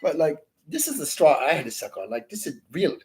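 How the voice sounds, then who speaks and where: This livestream host's voice is fairly high, very animated, and fairly quick, with slight background noise in the clip. He tells his viewers a wandering, profane story, finishing sentences with "man" and maintaining it's true.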